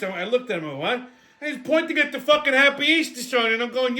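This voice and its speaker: Brash, profane man ranting at a high pitch. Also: expressive, normal speed, bright, forceful tone. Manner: blunt, profane storytelling with repeated "okay?". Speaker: host. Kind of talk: profane comedic weekly rant.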